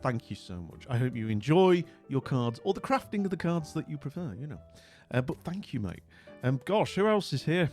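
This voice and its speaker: Jovial livestream host, higher voice. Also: male voice, big pitch swings, moderate pace, a little mellow, soft background music. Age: middle-aged. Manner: chatty, jovial, rambling with fillers. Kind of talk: casual chat with live viewers.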